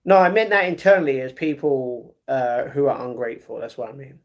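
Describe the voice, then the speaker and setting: A man live-streaming who reads his viewers' chat aloud and argues back, with excited reactions to a fight he is watching. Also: medium pitch, fairly quick. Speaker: livestreamer. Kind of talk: casual livestream chat.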